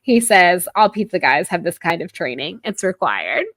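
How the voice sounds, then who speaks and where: A woman's voice: lowish voice, moderate pace, no echo. A young woman hosting a podcast, casually recapping a book chapter and retelling scenes, with lots of "like" in her speech. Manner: chatty, heavy use of "like", animated retelling. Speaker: podcast host.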